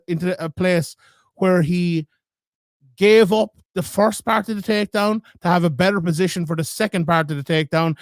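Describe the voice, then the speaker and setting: A man's voice: a little high, dry recording, studio quality. A man co-hosting a podcast, chatting through fight predictions and thinking aloud with frequent restarts. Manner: thoughtful, restarts and hedges as he reasons aloud. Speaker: podcast co-host. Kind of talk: casual sports analysis chat.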